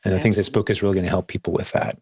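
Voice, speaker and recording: Male podcast host, low voice, dry close sound, eager and chatty with frequent restarts. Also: little pitch movement, racing, darkish tone, slightly rough, no room sound. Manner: upbeat, restarts phrases often. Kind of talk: casual podcast chat.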